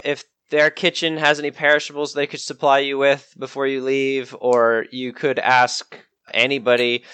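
A man running a tabletop game as game master, narrating in a relaxed, rambling way. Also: medium pitch, clear, resonant tone, dry recording.

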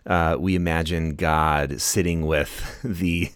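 Guest author, male, very deep voice, dry close mic; reflective, chatty, quick to laugh. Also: steady tone, clear, resonant tone, no echo. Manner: thoughtful, laughs often, many restarts. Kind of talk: casual conversational interview.

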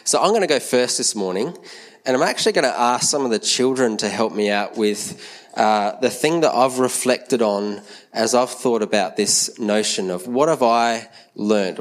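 A man, gently giving a children's talk in a church service and asking the kids questions. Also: fairly low pitch. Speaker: church leader speaking to a congregation.

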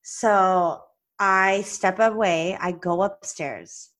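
A woman hosting a podcast, chatting casually and retelling a tense phone call with animated, lively delivery and plenty of "like"s. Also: medium pitch, very slow. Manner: chatty, many "like"s and restarts. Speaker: podcast host and practice owner. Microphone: podcast microphone.

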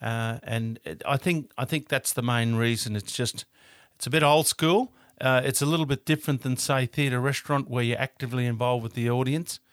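A man's voice: mid-range voice, moderate pace, no room sound, clean studio sound. A man explaining theatre in a casual, hesitant way, with frequent fillers and restarts.

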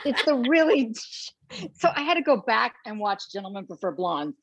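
Husky-voiced woman telling animated stories. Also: on the high side, normal speed, dry recording, lo-fi sound. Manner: animated, acts out quotes of others. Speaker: actress and guest. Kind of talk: casual anecdotal storytelling.

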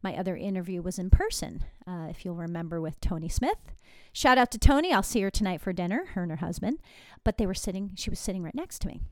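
A middle-aged woman from Southern California hosts her own podcast and tells a story in a chatty, animated way. Her voice is smooth and clear. The recording is close and dry on a desktop microphone. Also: lowish voice, quick pace, hardly any pauses, no echo. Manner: chatty, animated, with asides and laughs. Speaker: podcast host. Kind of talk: casual storytelling monologue.

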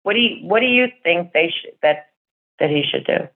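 A woman's voice: on the low side, lively intonation, moderate pace, husky. A middle-aged woman in casual chat, telling a rambling fan story and acting out the voices of the people in it. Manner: chatty storyteller, acts out quoted voices. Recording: tinny phone line.

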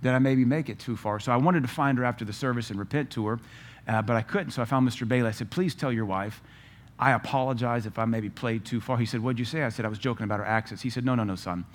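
A man preaching a sermon, firing off rhetorical questions and telling stories with lively energy. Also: medium pitch, fast talker. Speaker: pastor.

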